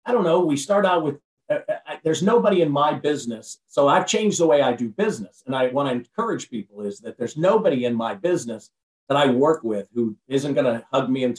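A man's voice: mid-range voice, darkish tone. A man talks as a guest on a podcast, full of preachy, motivational energy, stumbling over and restarting his words as he pushes forward. His voice sits a little back from the mic in a roomy, echoing space. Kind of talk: casual podcast conversation. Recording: roomy sound from far off the mic.

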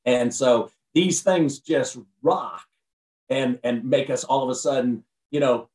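A man speaking as a podcast guest and motivational speaker in casual conversation, energetic and preachy, often repeating and restarting his phrases. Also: medium pitch, slow pace. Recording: roomy sound from far off the mic.

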